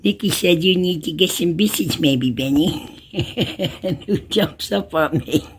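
A woman's voice: lowish voice, a little slow, slight background noise. A woman talking to her cat in a playful, cooing way, laughing often. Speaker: pet owner.

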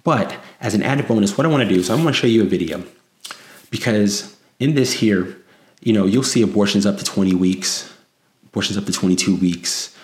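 A man's voice: fairly low pitch, brisk, echoey room. A man from California hosting an opinionated commentary monologue, combative and sarcastic, with frequent restarts. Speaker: commentary show host.

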